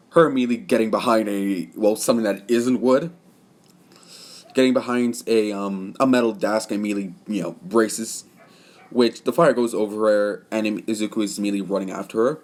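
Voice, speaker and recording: A young man narrating a fan story off the cuff, rambling with many fillers and self-corrections. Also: fairly low pitch.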